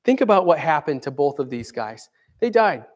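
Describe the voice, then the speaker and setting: A man's voice: on the high side, big pitch swings, moderate pace. A man preaching a sermon in a conversational way, dramatically acting out quoted voices. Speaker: pastor.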